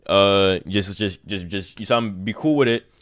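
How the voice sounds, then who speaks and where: A young man with a low voice, speaking at normal speed, streams to his chat and tells a long, rambling story. His talk is heavy with slang, and he keeps repeating "you see what I'm saying."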